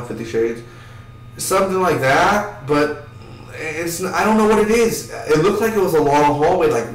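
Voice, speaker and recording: A man giving a rambling, casual spoken film review, swearing now and then and acting out scenes in quick voices. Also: mid-range voice, roomy sound, recorded from a distance, a little hiss or hum, low-quality recording.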